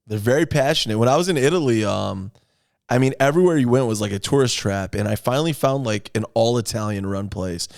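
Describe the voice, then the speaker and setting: A man hosting a casual podcast, easygoing and quick to laugh, chiming in with short reactions. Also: medium pitch, creaky, dry recording, clean studio sound. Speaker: podcast host.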